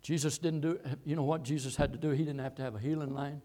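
A man preaching a sermon, quoting scripture and repeating phrases, swinging between loud, high exhortation and low, quiet telling. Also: fairly even intonation, fast talker. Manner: reads and quotes scripture verses.

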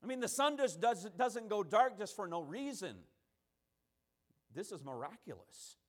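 A man's voice: sits high, sing-song, a little slow. A man preaching a sermon, emphatic, stacking repeated phrases and acting out the quotes he tells.

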